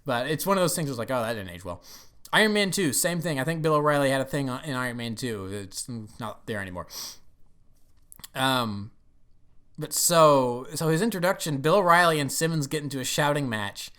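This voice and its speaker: A man's voice: a little high, brisk, a bit bright, clean tone. A young man giving casual, rambling commentary on a movie, often laughing and acting out lines.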